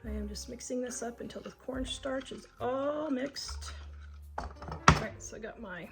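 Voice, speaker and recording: A woman's voice: a little high, unhurried, low-quality recording. A woman hosting a casual cooking demonstration in her home kitchen, chatty and homey, talking through each step aloud. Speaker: home cook and channel host. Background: background music.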